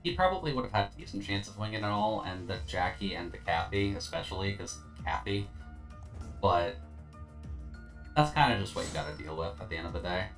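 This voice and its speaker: A man's voice: fairly low pitch, lively intonation, fairly quick, music in the background. A tired man streaming a video game, talking through his play in a laid-back, rambling way with lots of fillers and slightly slurred words. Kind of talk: casual gameplay commentary.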